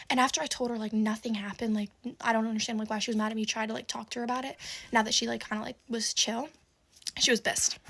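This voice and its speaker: A woman's voice: on the high side, flat delivery, quick pace, a bit bright. A teenage girl telling a storytime monologue, rambling with lots of "like", swearing and exasperated asides. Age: teens.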